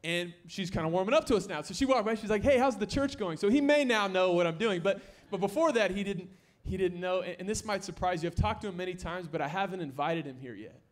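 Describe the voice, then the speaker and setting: A young man preaching a sermon in a church, joking with the congregation and rising to near-shouts to stress his points. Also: high voice, quick pace, few pauses. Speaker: pastor. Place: church sanctuary.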